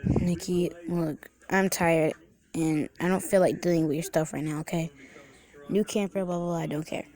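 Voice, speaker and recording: A woman voicing a sulky, grumpy boy camper who mutters flatly. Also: fairly low pitch, moderate pace, close to an everyday voice. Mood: annoyed.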